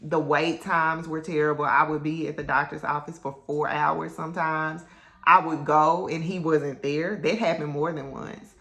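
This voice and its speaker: A woman's voice: sits low, steady tone, normal speed, fairly bright tone. A woman telling her own story to camera in a candid, chatty way, with lots of ums and likes. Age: adult mother. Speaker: vlogger. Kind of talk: casual personal storytelling to camera.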